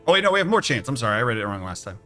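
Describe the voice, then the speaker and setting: A male streamer talking over his game in a playful, animated way. His voice is bright and lively, with his pitch swinging a lot, and faint music plays behind him. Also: rapid-fire. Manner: animated, playful, reads dialogue aloud, laughs. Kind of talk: casual game let's play.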